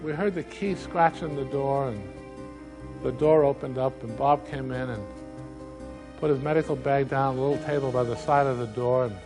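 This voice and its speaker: A man's voice: a little high, dark tone, close to an everyday voice, low-quality recording. An actor performing a one-man stage monologue as a recovering alcoholic man, telling his story earnestly and quoting the people in it.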